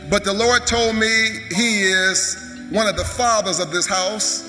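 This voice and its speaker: Man, pastor, preaching, high voice, echoey hall, music behind. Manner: preaching, urging the crowd to clap. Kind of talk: sermon. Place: large church sanctuary.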